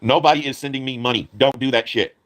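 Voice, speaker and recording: Fast, angry ranting man. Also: mid-range voice, a bit bright. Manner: profane, heated, repetitive. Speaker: live streamer. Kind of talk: angry rant.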